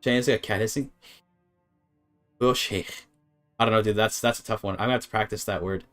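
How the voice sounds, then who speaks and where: A man's voice: fairly low pitch, fairly even intonation, fairly quick, a bit bright, soft background music. A man streaming a game, thinking aloud in a hesitant, casual way with many restarts. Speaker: streamer learning a language.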